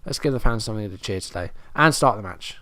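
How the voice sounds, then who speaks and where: A man's voice: fairly low pitch, lively intonation, fast talker, sharp tone, no echo, clean studio sound. Exasperated man narrating a football game. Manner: exasperated, self-deprecating, muttering play-by-play. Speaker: gaming commentator. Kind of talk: casual let's-play commentary.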